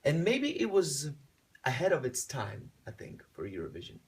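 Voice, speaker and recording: A man's voice: mid-range voice, huge pitch swings, darkish tone. A man from Lithuania with a Lithuanian accent, English not his first language, answering interview questions as a singer and searching for his words. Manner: slow, searching for words, many restarts. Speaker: singer, contest entrant. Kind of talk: casual interview.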